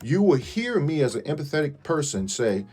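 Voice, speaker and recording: A man's voice: fairly high pitch, very animated, moderate pace, a little mellow, breathy edge, faint music behind. A man vlogging an indignant complaint to his viewers, repeating pointed questions.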